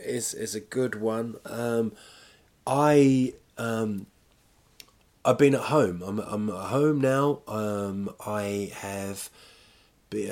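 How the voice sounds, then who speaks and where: A man's voice: lowish voice, darkish tone. A man talking at home in a casual, rambling monologue, chatty and self-deprecating, drifting from one story to the next. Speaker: vlogger.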